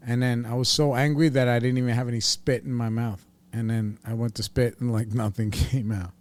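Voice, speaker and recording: A man's voice: medium pitch, flat delivery, fairly quick, a little mellow. Blunt profane New man. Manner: blunt, profane, streetwise storytelling. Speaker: podcast host. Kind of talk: casual storytelling monologue.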